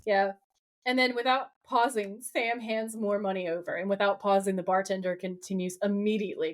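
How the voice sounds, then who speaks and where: A woman's voice: medium pitch, normal speed. A woman co-hosting a podcast, casually recapping a TV episode and reading out lines from its scenes. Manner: reads out quotes from the scenes, lively retelling. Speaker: podcast co-host.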